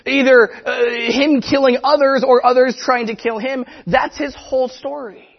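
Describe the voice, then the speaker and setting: Male pastor, high husky voice, animated conversational sermon, lo-fi sound. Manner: animated, conversational, quick asides.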